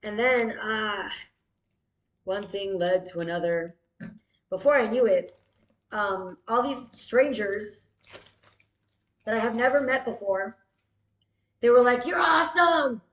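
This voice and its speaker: A woman doing a rambling comic improv monologue, silly and swearing, with deadpan asides and quick self-corrections. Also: medium pitch. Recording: roomy echo.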